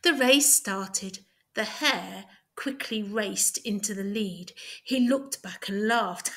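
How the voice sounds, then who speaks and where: Slow, bright-voiced woman reading a story. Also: mid-range voice. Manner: clear, deliberate and expressive. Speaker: tutor. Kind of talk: reading a children's story aloud.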